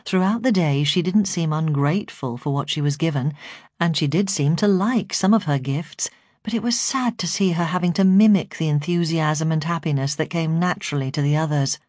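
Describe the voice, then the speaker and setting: A woman who is a foster carer narrating her memoir as an audiobook, in a steady, measured way. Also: sits low, dry recording, clean studio sound.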